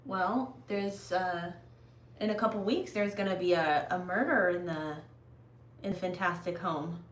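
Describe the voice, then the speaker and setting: A woman's voice: fairly low pitch, unhurried, roomy sound. A woman co-hosting a casual livestream at home, chatty and reading out viewer comments. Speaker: co-host.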